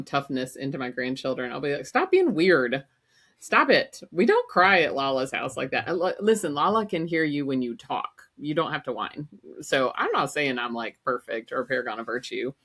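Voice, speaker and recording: A woman in her fifties, a grandmother co-hosting a podcast, chatting candidly and telling stories with frequent laughs. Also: sits low. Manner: candid, laughs often, storytelling. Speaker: podcast co-host. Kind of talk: casual chat.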